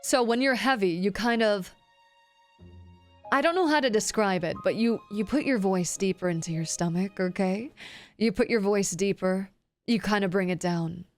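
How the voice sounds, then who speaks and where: Speaking at a moderate pace over faint background music, a woman streamer gives her chat a casual, rambling voice acting lesson. She often drops her voice low to demonstrate.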